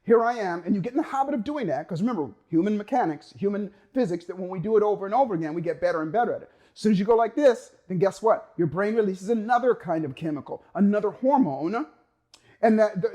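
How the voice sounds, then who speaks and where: A man giving a motivational talk, energetic and emphatic, acting out the voice of a worried mind and stretching key words for effect. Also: high voice. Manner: energetic, acts out inner voices, drawn-out emphasis. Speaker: motivational speaker.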